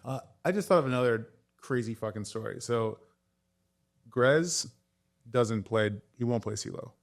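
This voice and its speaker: A man's voice: medium pitch, a little slow, creaky. Male tattoo artist guest, easygoing and profane, full of stories and laughter. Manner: animated storyteller, swears, laughs often. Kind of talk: casual chat.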